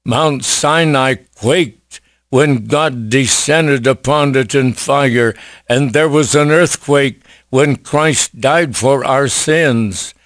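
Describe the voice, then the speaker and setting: Very slow, deliberate male preacher. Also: medium pitch, fairly bright tone, no room sound, clean studio sound. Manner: slow, emphatic preaching with rhetorical questions. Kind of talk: evangelistic sermon.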